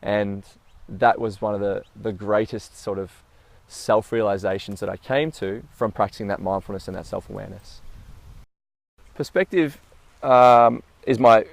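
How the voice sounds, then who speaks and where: Gravelly low-voiced man telling a story. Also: steady tone, moderate pace. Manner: storytelling, acts out quoted dialogue; filler-heavy, repeats words. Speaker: speaker sharing personal reflections. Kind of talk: casual reflective monologue.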